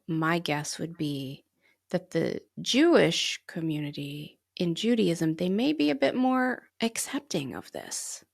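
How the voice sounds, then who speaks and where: A woman co-hosting a spiritual podcast in easy conversation. Her voice sits a bit low and has a gravelly fry to it. She sounds reflective and gently reassuring. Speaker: podcast co-host. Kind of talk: casual spiritual podcast chat.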